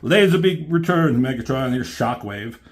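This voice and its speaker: A man reviewing a comic in a casual, rambling way, swearing often and filling pauses with ums. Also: mid-range voice, expressive. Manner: rambling, swears a lot, many fillers. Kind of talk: casual chat.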